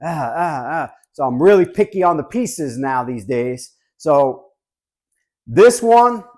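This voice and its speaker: Casting: man in his fifties, collectibles host from Southern California, chatty and joking, slightly higher voice. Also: expressive, takes it slowly, darkish tone. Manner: chatty, joking, repeats "guys". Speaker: collectibles reviewer. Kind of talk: casual chat to camera.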